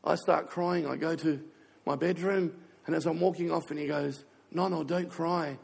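A man's voice: on the high side, steady tone, moderate pace, gravelly, a little mellow, husky, long reverb tail. An older man preaching a sermon as a pastor, telling a heartfelt personal story in an emotional way, fighting back tears.

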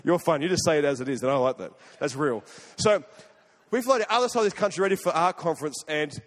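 An Australian man preaching in a lively, storytelling way, his voice a touch higher than most men's. He talks at a quick clip, and the sound rings out with a long hall reverb. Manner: animated, conversational, jumps between loud and hushed. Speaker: guest preacher. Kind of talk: sermon with storytelling.

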